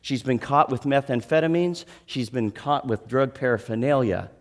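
A middle-aged man, a pastor, preaching a sermon as earnest storytelling with dramatic pauses and some restarts. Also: medium pitch.

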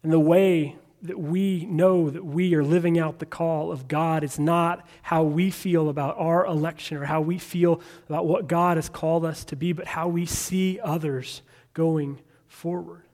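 A man's voice: a little high, steady tone, a little slow, darkish tone. A man preaching a sermon in a conversational way, retelling scripture stories in his own words.

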